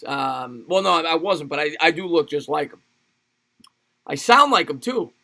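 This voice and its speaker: Male stream host, excitable play-by-play, forceful bright tone, loose chatter between plays. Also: fairly high pitch, moderate pace. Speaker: livestream sports host. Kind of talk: live play-by-play and chat with viewers.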